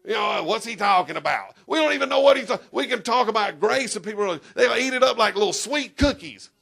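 A pastor preaching to his church, his voice high and gravelly. He is emphatic, swings into sudden shouts, and talks straight to the people in the pews. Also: fast talker. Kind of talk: sermon.

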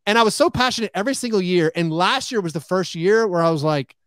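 Animated high-voiced man, dry sound. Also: fast, no room sound. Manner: animated, acts out quoted remarks, heavy use of "like". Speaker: podcast guest, team podcaster. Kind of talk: casual podcast chat.

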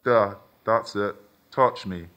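A man's voice: fairly low pitch, slow pace, a bit bright. A man voicing a polite, mechanical female sex robot with a computerized sound in a short story read aloud. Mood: seductive.

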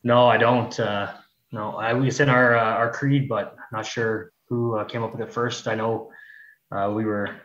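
A man's voice: fairly low pitch, normal speed. Man on a roomy, muffled call. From Canada. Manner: relaxed, rambling with many fillers. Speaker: guest, search and rescue technician. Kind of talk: casual conversation. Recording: roomy, dull lo-fi call audio.

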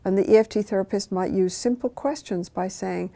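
An older woman, a therapist, calmly explaining her method of couples therapy, now and then acting out short exchanges from a session. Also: medium pitch, creaky. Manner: measured, acts out therapist and client lines in quotes. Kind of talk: calm explanatory talk.

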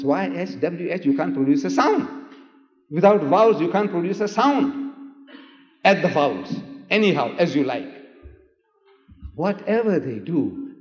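A man giving a public debate lecture, emphatic and rhetorical, firing questions at the audience and getting them to repeat after him. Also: on the high side. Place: large lecture hall. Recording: old echoey hall recording, dull sound.

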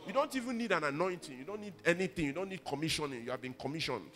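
A man's voice: a little high, animated, rapid-fire, in a large hall. A man preaching a sermon, emphatic and calling on the congregation to repeat his words. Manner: emphatic, rises to loud exhortation. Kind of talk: sermon with call-and-response.

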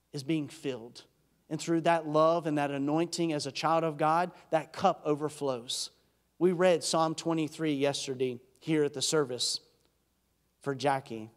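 A man, a pastor, giving an earnest, emphatic sermon that swings from loud peaks to hushed, intimate drops. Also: fairly high pitch. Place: church sanctuary. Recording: church hall reverb.

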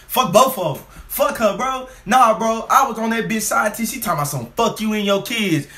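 A young man hosting a reaction video, cursing and talking back excitedly at a clip. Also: high voice, fairly quick. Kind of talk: profane reaction commentary.

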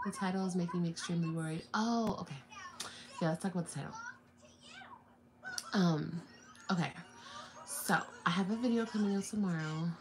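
A young woman vlogger chatting casually on a livestream from home, often slipping into playful, laughing baby talk with her little son. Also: fairly low pitch.

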